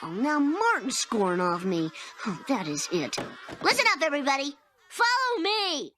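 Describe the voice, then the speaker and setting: A woman's voice: high voice, huge pitch swings, moderate pace, noisy background. Cheeky boy Bart. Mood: fed up. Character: cheeky ten-year-old troublemaker boy.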